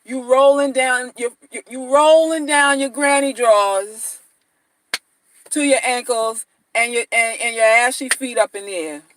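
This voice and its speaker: A woman's voice: on the high side, steady tone, a little slow, noisy background. A woman dating-advice vlogger talking casually and bluntly to viewers, slangy, mocking and repetitive.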